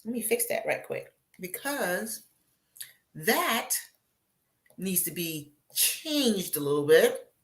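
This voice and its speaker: A woman's voice: fairly low pitch, slow, long pauses. A woman hosting a live show as a beauty consultant, chatting casually with viewers and acting out little asides. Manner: chatty, animated, acts out voices in asides.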